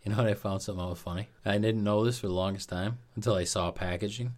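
A man from Scranton co-hosting a casual podcast, talking in halting, easygoing bursts with repeated words. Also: on the low side, steady tone. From Scranton, Pennsylvania. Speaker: podcast co-host. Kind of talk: casual chat.

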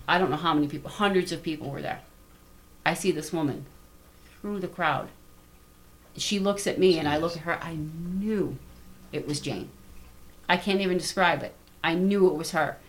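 A middle-aged woman telling a personal story in casual conversation, animated and acting out the dialogue. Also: deep voice, normal speed. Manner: animated, repeats words, quotes people in dialogue. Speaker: guest artist.

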